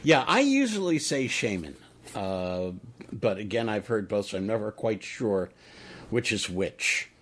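A middle-aged man hosting a radio interview, talking in a rambling, halting way with many fillers. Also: fairly low pitch, sing-song. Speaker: radio host.

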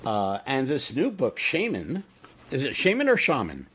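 A middle-aged man hosting a radio interview, talking in a rambling, halting way with many fillers. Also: mid-range voice, very animated, breathy edge. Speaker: radio host.

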